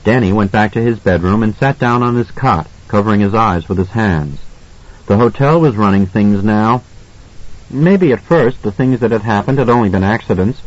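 A man narrating an audiobook in a measured, suspenseful reading style. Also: fairly low pitch, highs cut off. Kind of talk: scripted narration.

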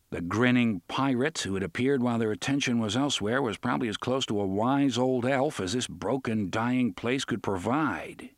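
A man narrates an audiobook in scripted fashion, telling the story in an expressive, measured way. His pitch sits in the middle, and the recording is dry and studio-clean.

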